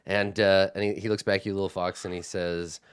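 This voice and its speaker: A man's voice: low-pitched, level tone, fairly quick, smooth, dry recording, clean studio sound. A man narrating a tabletop game as game master, describing the scene unhurriedly.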